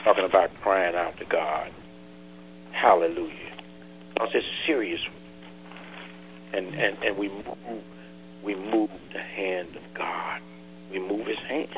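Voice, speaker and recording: A man preaching a Bible study, drawing answers from listeners and rising from low teaching to loud cries. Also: a little slow, pauses often, noisy background. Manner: repeats words and phrases. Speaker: pastor leading Bible study. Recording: tinny phone-line call.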